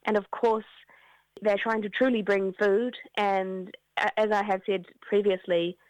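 A woman, giving an earnest, halting news interview as an activist, with many restarts. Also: mid-range voice, steady tone, clean tone, no room sound. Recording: dull lo-fi dry sound.

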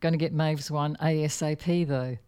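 A woman's voice: low voice, fairly even intonation, normal speed, warm tone, clear, resonant tone. A woman hosting a radio interview, gushing with praise and laughing often. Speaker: radio show host. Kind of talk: on-air interview chat.

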